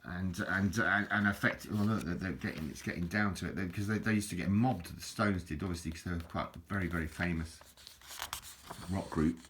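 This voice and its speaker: A man with a low, deep voice chats casually, wandering off track, restarting his sentences and laughing at himself. A faint hiss sits under the close recording. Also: brisk, a bit bright. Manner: rambling, chatty, self-deprecating, many restarts and fillers. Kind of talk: casual rambling book show-and-tell.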